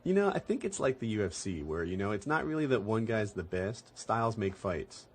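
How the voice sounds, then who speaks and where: Low-voiced, lively man hosting a podcast. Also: brisk, husky. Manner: animated, laughs often, rambling explanations. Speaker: podcast host. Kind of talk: casual chat.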